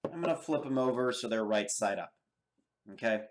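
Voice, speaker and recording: A man's voice: mid-range voice, animated. An American man teaching an anatomy lab, explaining step by step and checking in with his students often. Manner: slow and deliberate, checks in with okay and all right. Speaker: anatomy instructor. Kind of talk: lab demonstration lecture.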